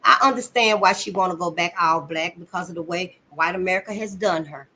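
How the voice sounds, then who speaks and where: A woman hosting her channel, giving blunt, profane commentary and calling listeners honey, swinging between loud outbursts and low asides. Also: a little fast. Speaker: channel host. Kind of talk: impassioned commentary.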